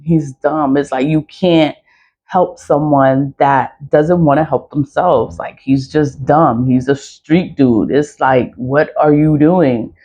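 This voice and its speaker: Slow and mellow with a low-sitting voice, this forties-aged seller of spiritual products tells a personal story as a casual, foul-mouthed rant. She's blunt and laughs a lot, and the lo-fi recording sounds dull.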